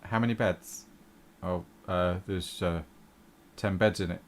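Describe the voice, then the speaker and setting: Man playing a halting village tavern keeper. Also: low-pitched, fairly even intonation, slight background noise. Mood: hesitant. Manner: hesitant, halting.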